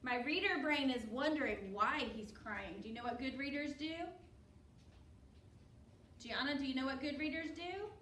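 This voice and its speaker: A woman's voice: high-pitched, normal speed, pauses often, a bit bright, a little hiss or hum. A woman teacher reading a picture book to children, encouraging and asking pupils questions by name. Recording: roomy, distant mic.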